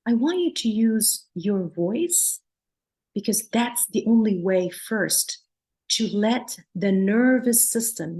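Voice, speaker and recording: A woman's voice: mid-range voice, animated, takes it slowly, creaky, a little mellow. Earnest woman psychologist teaching. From Palestine, raised in Jordan. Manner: earnest, explanatory, demonstrates soothing sing-song tones. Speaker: psychologist and lecturer. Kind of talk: teaching a workshop.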